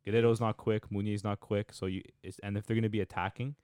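A man's voice: lowish voice, flat delivery, fast, darkish tone, clean tone, dry recording, clean studio sound. A man casually chatting about football as a podcast co-host, loose and slangy with lots of fillers.

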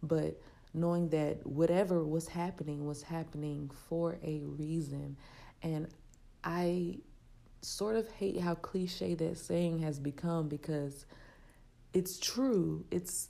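A woman hosting her own podcast in a soft, reflective, heartfelt way, with a raspy voice, recorded in an open, spacious area. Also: on the low side, steady tone, slow. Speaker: podcast host. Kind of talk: casual solo podcast talk.

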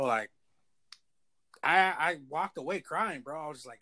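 Man, slightly high voice, casual storytelling, profane street slang. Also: big pitch swings, brisk, sharp tone.

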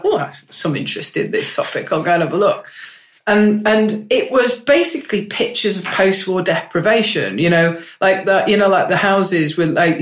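An upbeat, chatty woman, speaking as a politician guest on an interview. She talks with eager conviction in a roomy office. The room gives her voice a noticeable echo. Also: on the low side. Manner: enthusiastic, chatty, upbeat advocate. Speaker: member of parliament, guest. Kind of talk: candid conversational interview.

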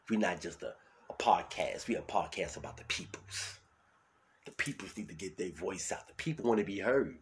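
A man with a New York accent hosting his own solo podcast, talking loud and hyped, then dropping to a mutter. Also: deep voice, animated, normal speed, slight background noise. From New York City. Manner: loud, hyped, swings between shouting and mumbling. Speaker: podcast host.

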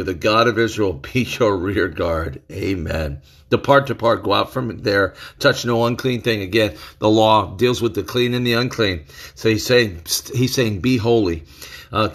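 A man's voice: mid-range voice, a bit bright. A male preacher teaching through a scripture passage in an earnest, emphatic way, repeating key phrases. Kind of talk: bible teaching sermon.

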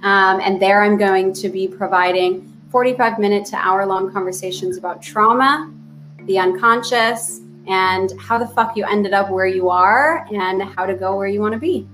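A woman's voice: medium pitch, moderate pace, a bit bright, faint music behind. A woman of thirty, a therapist speaking as a guest in a casual podcast interview, chatty with many fillers and restarts.

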